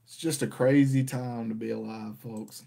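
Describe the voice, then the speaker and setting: A man's voice: medium pitch, steady tone, moderate pace, vocal fry, mellow. A man hosting a casual rant, talking in an exasperated, conversational way. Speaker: podcast host.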